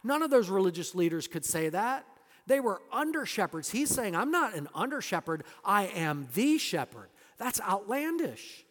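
A man with a high-set voice preaching a sermon, his words ringing out in a long hall reverb. He presses his points hard, then sinks to near-hushed tones. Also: very animated, normal speed. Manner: emphatic preaching that drops to soft, hushed lines. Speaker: pastor.

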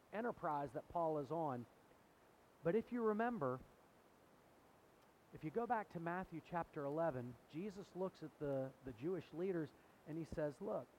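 A man's voice: on the high side, a little mellow, poor audio. A man preaching a sermon, teaching in a conversational way, quoting scripture and putting questions to his listeners. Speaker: pastor. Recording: faint hiss.

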